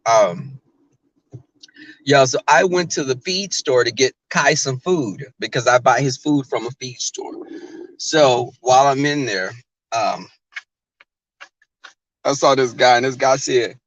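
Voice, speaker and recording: A man's voice: medium pitch, takes it slowly, pauses often, no echo. A man vlogging while driving, chatting sassily and directly to his viewers on a casual livestream. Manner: chatty, sassy, talks straight to viewers. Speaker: YouTuber.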